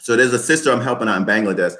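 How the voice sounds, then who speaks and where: A man's voice: medium pitch, racing, a bit bright. A man in his twenties, a podcast guest, talking emphatically and repeating his points like a motivational speaker. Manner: emphatic, repetitive motivational talk. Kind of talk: podcast interview.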